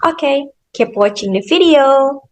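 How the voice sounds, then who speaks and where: A young woman student giving a slow, careful class presentation, explaining step by step with frequent "okay" and "so". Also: high voice, lively intonation, poor audio. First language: Indonesian. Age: young adult. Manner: deliberate, measured, with "okay" and "so".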